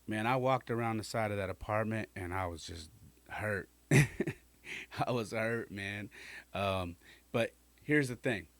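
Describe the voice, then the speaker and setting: A man's voice: fairly low pitch, normal speed, a bit bright, no room sound. A male podcast host casually telling a personal story in slangy, conversational talk and acting out the people he quotes.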